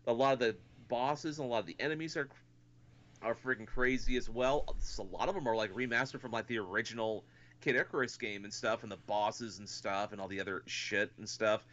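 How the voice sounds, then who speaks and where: A man's voice: mid-range voice, brisk, a bit bright, muffled recording. A man co-hosting a casual podcast, rambling and swearing with lots of fillers. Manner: rambling, profane, many fillers. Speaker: podcast co-host.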